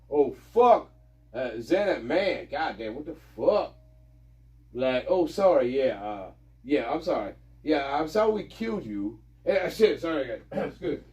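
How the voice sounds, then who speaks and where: A man's voice: a little high, big pitch swings, unhurried, a little mellow, husky, no room sound. A man in a rambling, mocking monologue, full of fillers, walking through his house while he talks. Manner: mocking, mock-scared, rambling with many fillers. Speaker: vlogger.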